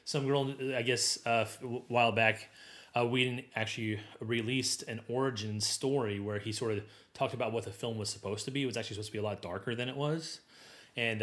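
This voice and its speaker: A man's voice: on the low side, a bit bright. A man chatting casually, rambling with many restarts and fillers. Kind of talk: casual chat.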